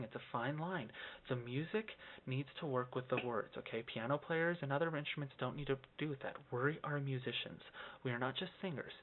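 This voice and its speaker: A man giving a casual singing lesson on phrasing, explaining in loose bursts and ending points with a questioning "okay?". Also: medium pitch. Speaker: singing teacher. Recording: tinny phone-like lo-fi sound.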